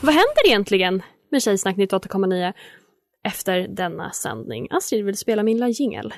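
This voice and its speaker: A woman's voice: mid-range voice, sing-song, fairly quick, dry recording. Playful woman co-host, dry sound. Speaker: podcast co-host. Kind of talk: casual chat.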